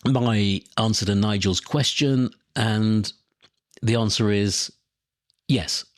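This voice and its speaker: A man's voice: lowish voice, no room sound. Opinionated man hosting a dry podcast. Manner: opinionated, conversational. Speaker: podcast host. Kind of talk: solo podcast talk.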